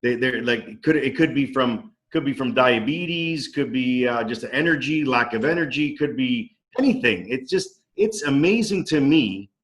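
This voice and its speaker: A man's voice: medium pitch, expressive, moderate pace, hardly any pauses, fairly bright tone, low-quality recording. A man in casual storytelling on a video call from his dining room, enthusiastic and acting out quoted dialogue. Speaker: company co-founder. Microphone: video call microphone.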